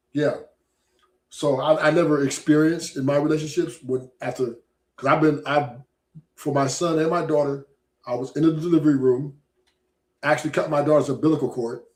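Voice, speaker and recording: A man's voice: fairly high pitch, darkish tone. A man with a slightly raised voice talks through his views in a loose, rambling way. He keeps tossing in little checks for agreement as he goes. His voice rings with a roomy echo. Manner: rambling, keeps asking "right?". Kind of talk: casual podcast talk.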